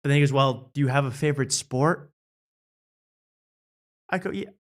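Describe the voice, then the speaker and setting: A man's voice: mid-range voice, moderate pace. A young adult man hosting, telling a self-mocking story in casual chat and acting out the people in it. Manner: animated, self-mocking, acts out quotes. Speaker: host.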